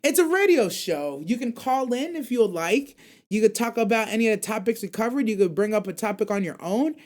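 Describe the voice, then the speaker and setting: A man's voice: high voice, animated, fairly quick, a little mellow. A young man hosting an anime call-in radio show, chatting casually and reading viewer comments in loose, slang-heavy rambles.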